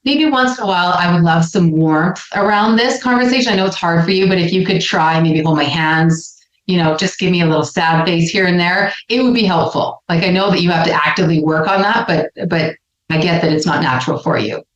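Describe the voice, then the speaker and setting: A woman co-hosting a relationship podcast in casual conversation, animated and playfully acting out what people say. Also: fairly low pitch, a little fast. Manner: animated, playfully acts out quoted lines. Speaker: podcast co-host, relationship psychologist. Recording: roomy, dull lo-fi sound.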